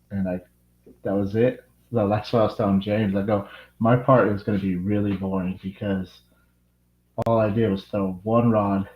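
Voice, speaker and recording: A man's voice: fairly low pitch, reverberant, dull audio. A man casually telling how his fishing tournament day went, rambling with lots of "like". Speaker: tournament angler interviewee. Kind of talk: casual storytelling.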